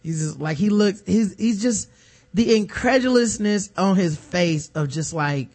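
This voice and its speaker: A man co-hosting a laid-back podcast, talking in an animated, profane way and acting out the people he describes. His voice sits a little higher than most men's. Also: a little slow. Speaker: podcast co-host. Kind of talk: casual chat.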